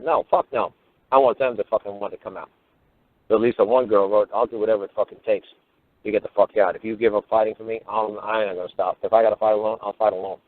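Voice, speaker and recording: A man's voice: lowish voice, steady tone, fast, no echo. A man giving a profane, heated radio monologue as a talk show host. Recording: phone-line radio audio.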